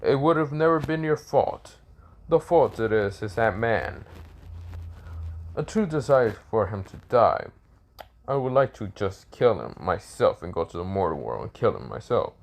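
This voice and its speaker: A man's voice: fairly low pitch, lively intonation, unhurried, creaky. A man voicing Death, a towering male god who speaks in solemn, domineering pronouncements in a fan-made story. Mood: stern.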